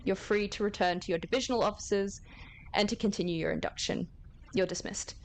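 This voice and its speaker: A woman's voice: medium pitch, brisk, a little hiss or hum, natural voice. A woman voicing a stern official who gives a formal, rousing address to new recruits. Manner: formal, commanding speech.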